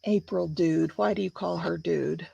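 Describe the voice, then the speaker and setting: A woman's voice: fairly low pitch, fairly even intonation, unhurried, vocal fry, mellow, husky, no echo, lo-fi sound. A woman in her sixties chatting casually on a live stream, greeting viewers by name and using lots of fillers. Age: 60s. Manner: chatty, reads viewer comments aloud, many fillers. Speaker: crafts channel host.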